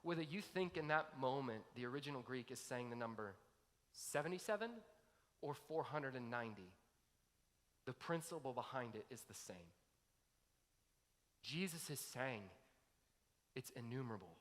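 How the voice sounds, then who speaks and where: A pastor preaching a sermon, piling up long lists with mounting emphasis. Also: male voice, mid-range voice, lively intonation, moderate pace, long pauses. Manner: emphatic, building intensity through long lists. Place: church sanctuary. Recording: long hall reverb.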